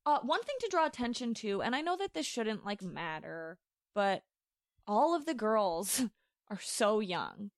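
A woman's voice: medium pitch, big pitch swings, unhurried, no echo, studio quality. A young woman co-hosting a podcast, chatting casually with lots of "like" fillers and a playful tone. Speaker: podcast co-host. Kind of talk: casual chat.

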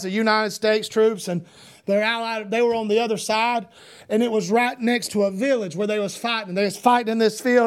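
A man preaching a sermon as pastor. He swings between loud shouted preaching and quieter storytelling. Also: high voice. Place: church.

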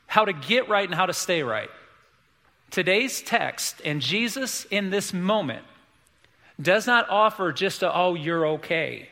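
A man's voice: sits high, pushed and bright. A man preaching a sermon as pastor in a church, earnest and emphatic, repeating his key points. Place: church sanctuary. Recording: long hall reverb.

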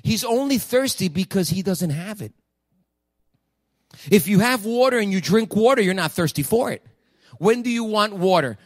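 A man preaching a sermon with a somewhat high voice, leaning hard on his words and then dropping to a hush. The sound is close and dry, with hardly any room around it. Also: lively intonation, moderate pace, long pauses, no echo. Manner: emphatic preaching, swinging from loud to hushed. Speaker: pastor. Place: church sanctuary.

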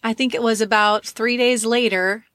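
A woman's voice: fairly high pitch, fairly even intonation, normal speed, fairly bright tone, no room sound. A woman in her fifties hosting a motivational podcast. She tells a story in a chatty way and then gives emphatic, encouraging advice to her listeners. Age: 50s. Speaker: podcast host, life coach.

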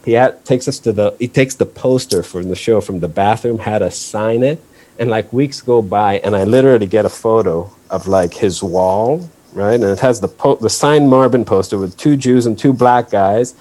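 A man tells a long tour story as a podcast guest, slipping into voices for the people he quotes and swearing freely. His voice sits low, with a warm, mellow tone. He talks in a loose, conversational way. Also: normal speed. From Israel. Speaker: guest musician. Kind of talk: casual storytelling.

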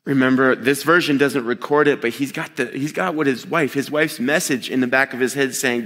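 A man delivers a sermon in a relaxed, conversational way, at a middle pitch for a man. He retells a scripture passage and slips into everyday voices for the people in it. His voice carries with the long echo of a large hall. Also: fairly quick, few pauses. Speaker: preacher.

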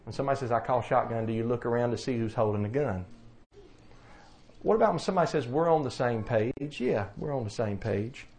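A man's voice: medium pitch, a little mellow. A man with a Southern US accent preaching a sermon in a folksy, plainspoken way, asking rhetorical questions. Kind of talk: sermon teaching.

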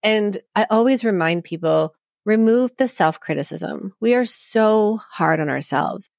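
A woman's voice: medium pitch, lively intonation, a little slow, gravelly, darkish tone, dry recording, clean studio sound. A woman psychologist guest on a podcast, explaining in an earnest, reassuring way with everyday examples. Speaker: psychologist and couples therapist guest. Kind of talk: conversational podcast interview.

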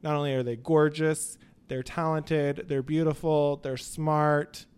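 A man's voice: fairly high pitch, little pitch movement, a little slow, darkish tone, clear, resonant tone. A man hosting a salon podcast, flamboyant and joking, teasing himself and his guests. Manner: flamboyant, joking, self-mocking. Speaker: salon owner and podcast host. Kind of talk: casual podcast chat.

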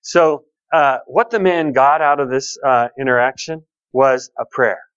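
A man's voice: medium pitch, unhurried, a bit bright, clean tone, no echo, lo-fi sound. A pastor preaching a conversational sermon, repeating key phrases and telling personal stories to his congregation.

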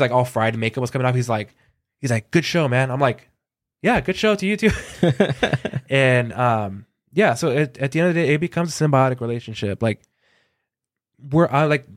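A man from Southern California, a concert photographer, telling lively anecdotes in a casual interview and acting out quoted dialogue, with a lot of filler words. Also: medium pitch, no room sound, studio quality.

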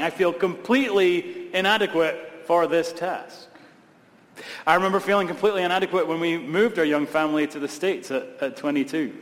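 A man's voice: on the high side, normal speed, a bit bright. A man from Scotland, a pastor preaching a sermon with emphatic, repeated phrases and humorous asides. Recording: long reverb of a large hall.

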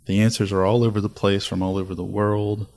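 A man's voice: fairly low pitch, little pitch movement, brisk, vocal fry, darkish tone. A man hosting a casual podcast chat, telling spooky folklore with dramatic, building lists. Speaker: podcast host.

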